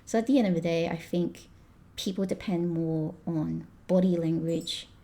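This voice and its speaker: A woman's voice: on the low side, fairly even intonation, moderate pace, gravelly, warm tone. Chatty woman telling rambling stories. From Australia. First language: not English. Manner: chatty, rambling storyteller with frequent laughs and restarts. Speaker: guest. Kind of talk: casual podcast chat.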